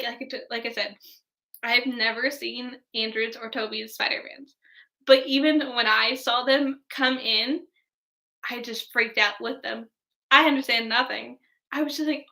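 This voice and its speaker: Young woman vlogging, high bright voice, says like a lot, super excitable. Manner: gushing, heavy use of "like", excitable fangirl tone. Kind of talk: casual movie review chat.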